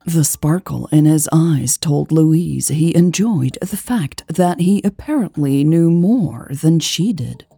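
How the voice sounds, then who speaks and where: A woman reading an audiobook as narrator, in an even, measured delivery. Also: deep voice, creaky, slightly rough, dry recording. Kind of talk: scripted narration.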